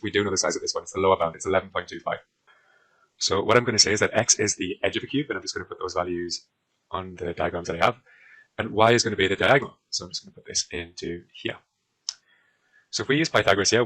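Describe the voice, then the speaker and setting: A man's voice: low-pitched, fairly bright tone, low-quality recording. A man with a British accent talking through a maths exam question as a tutor, often using fillers while he draws on a diagram. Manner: talks while drawing, with frequent fillers. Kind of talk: exam walkthrough lesson.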